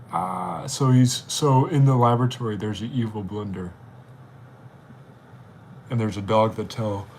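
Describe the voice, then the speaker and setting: A man's voice: on the low side, slight background noise. A man hosting a live stream, rambling and chatty as he reacts to viewers. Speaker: livestream host. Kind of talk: casual live-stream chat.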